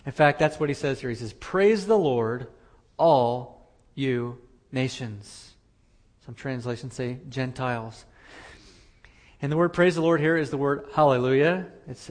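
A man preaching a sermon as pastor, earnest, repeating phrases for emphasis. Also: fairly high pitch.

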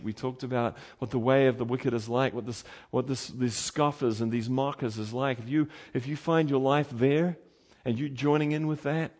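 A man preaching a sermon with dramatic swells to loud cries and drops to low, quiet warnings.

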